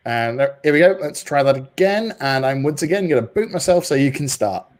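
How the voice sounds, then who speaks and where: A man's voice: medium pitch, expressive, brisk. A man hosting an online tech meetup over a video call, playful and self-mocking. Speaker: meetup host. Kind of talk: casual event hosting.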